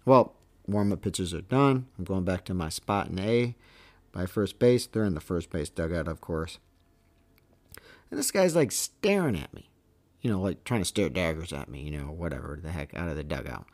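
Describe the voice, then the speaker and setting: Low-voiced emphatic veteran umpire. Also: male voice, animated, moderate pace. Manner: emphatic, keeps checking in with "okay?" and "all right?". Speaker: veteran baseball umpire, podcast host. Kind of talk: casual storytelling monologue.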